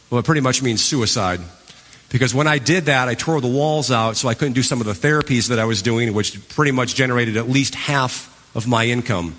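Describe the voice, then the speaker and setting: A man giving a live stage talk to an audience, telling his story with animated energy and acting out his past reactions. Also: mid-range voice. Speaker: motivational speaker. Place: large event hall. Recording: long hall reverb.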